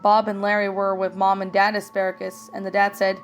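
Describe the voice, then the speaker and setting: A woman's voice: medium pitch, monotone, brisk, hardly any pauses. Woman narrating a creepypasta. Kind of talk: reading a creepypasta story. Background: faint music.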